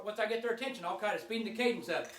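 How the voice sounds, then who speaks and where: A relaxed, folksy man with a high voice walks through goose-calling technique, often starting his phrases over. He sounds set back from the mic in an echoey space. Faint clicks sit behind him. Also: racing, recorded from a distance, heavy background noise. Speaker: goose call instructor. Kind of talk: casual spoken demonstration.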